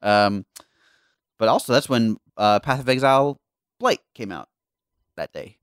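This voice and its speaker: A young man hosts a gaming podcast in a casual, chatty way, ribbing himself and his friends. His mid-pitched voice is recorded close and dry, with no room sound around it. He often trips over his words and restarts. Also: animated, measured pace, smooth, no room sound. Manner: joking, self-mocking, with frequent restarts. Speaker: podcast host.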